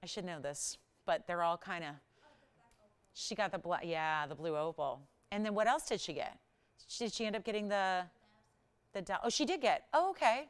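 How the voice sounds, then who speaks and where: A woman hosting a live shopping channel, chatty and animated as she pitches jewelry and prices. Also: smooth. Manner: animated, chatty, sells with rapid price talk. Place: television studio.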